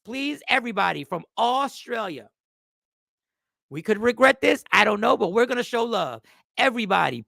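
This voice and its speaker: A man's voice: high-pitched, gravelly, sharp tone, no room sound, studio quality. A man hosting a casual livestream, talking animatedly to viewers and greeting them by name, repeating himself often. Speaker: livestream host.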